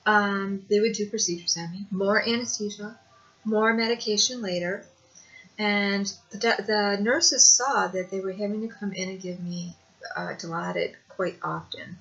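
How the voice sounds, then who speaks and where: A woman's voice: mid-range voice, steady tone, normal speed, a bit bright. A woman telling a personal story to camera in a rambling, conversational way, with hesitations. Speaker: video blogger. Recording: dull lo-fi home recording.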